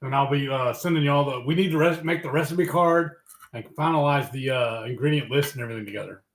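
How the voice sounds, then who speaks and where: A man's voice: medium pitch, fast talker. A man co-hosting a live cooking stream, explaining things in a rambling way with lots of fillers. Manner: rambling, searching for words with fillers. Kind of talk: casual live-stream chat. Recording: echoey room.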